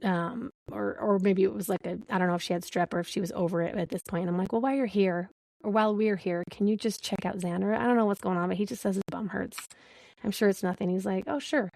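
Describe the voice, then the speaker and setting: A woman's voice: mid-range voice, fairly even intonation, fast, gravelly, a little mellow, no echo. A woman in her thirties hosting a podcast, telling a candid story and acting out the dialogue. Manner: candid storyteller, laughs a lot, acts out dialogue. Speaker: podcast host. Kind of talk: casual chat.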